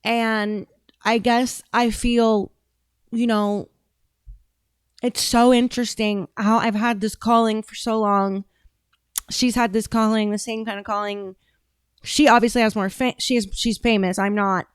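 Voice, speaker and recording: A blunt, rambling woman hosting a political talk show, often breaking off and restarting her sentences. Her voice sits fairly high, and the sound is close and dry with no room echo. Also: level tone, a little slow, clear, resonant tone. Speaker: podcast host and political candidate. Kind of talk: casual political commentary.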